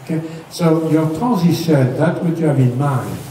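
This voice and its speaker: Guy coaching riding, patient, keeps asking okay?, mellow voice, big echo, mic far off. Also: fairly high pitch, normal speed. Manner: patient, explains step by step, often checks "okay?". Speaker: riding instructor. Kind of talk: hands-on riding lesson. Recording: echoey, distant mic with faint noise.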